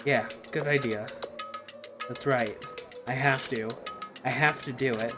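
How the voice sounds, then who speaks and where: A man's voice: mid-range voice, steady tone, measured pace. A man streaming a game, narrating the story and reading chat aloud, stumbling over words now and then. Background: game music.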